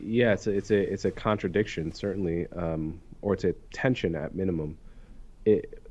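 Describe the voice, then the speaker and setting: A young man, an author and interview guest, talks in a thoughtful, measured way and often restarts phrases while he reasons. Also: low-pitched, mellow. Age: young adult. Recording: dull lo-fi sound.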